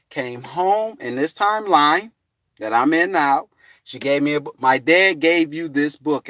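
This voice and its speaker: A man telling a rambling spiritual story in a profane, meandering way, full of fillers and sudden high, loud voices for the people he quotes. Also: no echo, clean studio sound.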